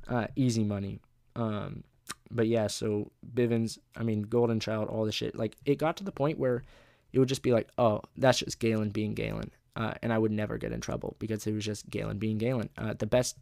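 A man's voice: on the low side, gravelly, darkish tone, no room sound, studio quality. A young man hosting a podcast, telling rambling, profane stories in a casual monologue and laughing at his own jokes. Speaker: podcast host.

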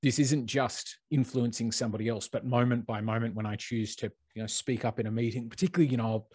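A man's voice: medium pitch, fairly even intonation, fast talker, darkish tone, husky, dry recording. A man, talking thoughtfully in a casual conversation and building on ideas with playful asides. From Australia.

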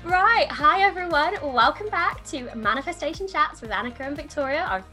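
A woman hosting a podcast, upbeat and chatty, talking quickly and enthusiastically in a casual conversation. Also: high-pitched, lively intonation, bright, forceful tone, faint music behind. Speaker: podcast host. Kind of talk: casual chat.

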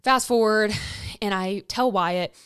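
A young adult woman hosting a podcast, telling a candid personal story in a frank, profane, animated way, acting out the quotes. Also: medium pitch, slow pace, smooth, dry recording, clean studio sound. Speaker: podcast host.

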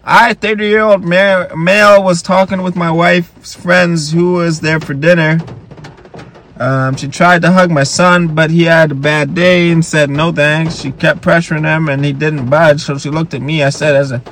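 A man's voice: on the high side, fairly even intonation, measured pace, slight background noise. A man hosting a solo comedy podcast, reading posts aloud and ranting at them with heavy profanity, sounding tired. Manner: profane ranting and yelling at the stories. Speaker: podcast host.

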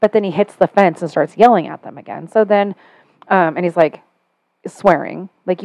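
Lively storytelling middle-aged woman. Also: fairly low pitch, moderate pace, gravelly, no room sound. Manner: animated storytelling, sarcastic when quoting herself. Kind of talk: casual chat.

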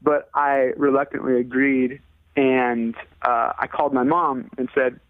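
A man's voice: mid-range voice, level tone, a little slow, no room sound. A man from California, a musician guest, telling a story in a rambling, casual way with lots of fillers, acting out what others said in a raised voice. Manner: rambling, many fillers, acts out quoted people in a raised voice. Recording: tinny phone-like line, dry.

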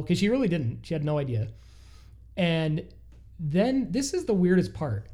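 A man co-hosting a podcast, telling a listener's story in a casual, animated way with frequent laughs. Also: on the high side. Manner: animated, laughs often, quick asides. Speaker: podcast co-host.

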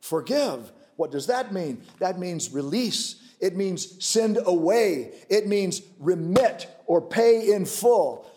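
A man preaching a sermon as a pastor, swinging from loud, emphatic declarations to hushed, intimate storytelling. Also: high-pitched, lively intonation, slow pace, hardly any pauses, slight background noise.

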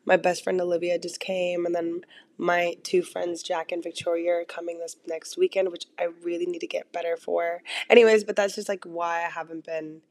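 A young woman talks her way through a solo podcast, hoarse and a bit worn from having lost her voice. She rambles loosely, stacking fillers and dropping casual swears. The sound is close and dry, with no room around it. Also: on the low side, level tone, normal speed, no echo. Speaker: podcast host. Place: in bed at home.

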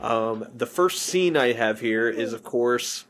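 A man's voice: mid-range voice, lively intonation, slow pace, fairly bright tone, slight background noise. A man hosting a movie podcast in casual chat, rambling and often correcting himself. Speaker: podcast host.

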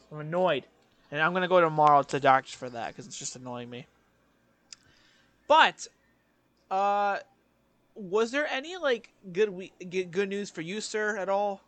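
A man's voice: high-pitched, a bit bright, no echo. A young man co-hosting a podcast, telling a rambling story with casual swearing. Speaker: podcast co-host. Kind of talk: casual chat.

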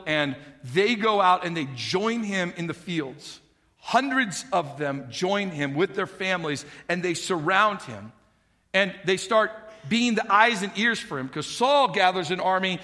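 A man's voice: sits high, pushed and bright. A man preaching a sermon, retelling a story with humor and acting out the characters' lines in changed voices. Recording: long hall reverb.

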